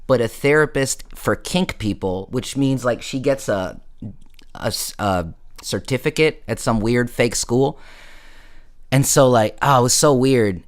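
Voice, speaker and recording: A man hosting a casual late-night stream, telling a story in a slangy, rambling way, full of fillers and asides. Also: mid-range voice. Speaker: livestream host.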